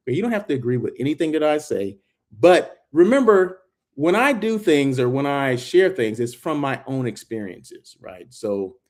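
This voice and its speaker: Man, mid-pitch, walk-and-talk vlogger, chatty and excitable, many asides. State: out of breath while walking. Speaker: hotel industry vlogger. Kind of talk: casual vlog walkthrough and talk. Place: hotel grounds, indoors and out.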